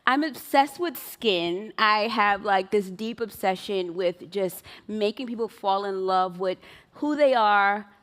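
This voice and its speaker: A woman's voice: mid-range voice, slow pace, a bit bright. A woman presenting her beauty brand on stage at a live event, gushing and giggly, talking to the crowd. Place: large event room with live audience.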